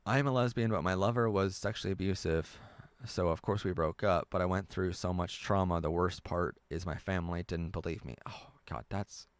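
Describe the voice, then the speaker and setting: A young man hosts a relaxed live stream, reading out viewer comments and rambling between them with frequent laughs. His voice sits low. The sound is dry and close, with no room around it. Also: a little fast, no room sound. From United States. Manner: rambling, chatty, laughs often.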